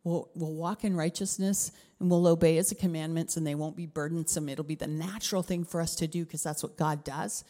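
Middle-aged Canadian woman pastor, lower voice, expressive sermon delivery with dips into whispers, echoing hall. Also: a little fast, few pauses. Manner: expressive, drops to whispers for emphasis.

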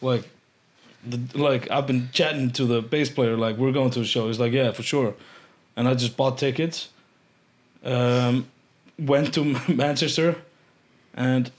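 An Icelandic man, a podcast guest, telling casual stories with lots of swearing and loud acted-out quotes. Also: mid-range voice, measured pace, long pauses. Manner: animated, swearing, acts out quotes loudly. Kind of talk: casual storytelling chat.

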